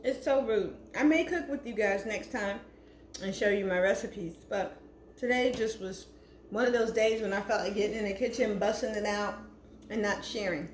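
A woman casually chatting to her viewers in a cooking vlog, affectionate and chatty, calling them hunty. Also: medium pitch. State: talking with food in her mouth. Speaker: cooking vlogger. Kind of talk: casual chat to camera. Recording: echoey room with faint noise.

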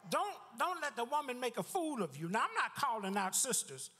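Pastor guy preaching, high voice, lots of echo hanging in the church, repeats himself and dips way down. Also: a little fast. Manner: lively preaching with repeated words and sudden drops in pitch. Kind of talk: sermon. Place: church sanctuary.

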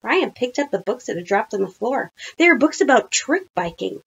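A woman teacher reading a children's storybook aloud, with chatty, animated asides. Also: a little high, moderate pace, vocal fry, breathy edge, highs cut off.

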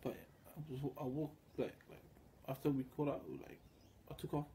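A man's voice: medium pitch, flat delivery, normal speed, mellow, a little hiss or hum. A man telling a rambling, crude story in a casual way, acting out the others in it. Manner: meandering and crude, acts out other voices in quotes. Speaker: vlogger.

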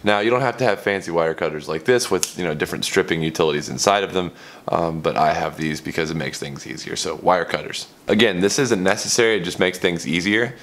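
A man's voice: low voice, fairly quick, a bit bright. A man hosting his own channel, explaining how to make cables in a candid, rambling way that often corrects itself. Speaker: channel host. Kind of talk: casual DIY tutorial vlog. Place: home studio.

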